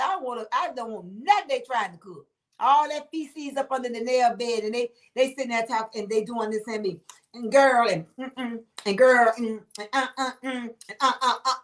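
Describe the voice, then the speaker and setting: A woman's voice: a little high, a bit bright. A woman hosting a casual livestream chat, laughing often and calling her viewers honey and baby. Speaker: livestream host reading viewer comments.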